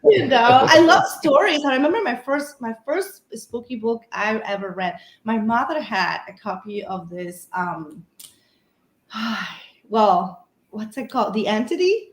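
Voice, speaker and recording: A woman's voice: on the high side, expressive, unhurried, roomy sound. A woman guest on a paranormal podcast, telling a personal story in a rambling, casual way full of fillers and restarts.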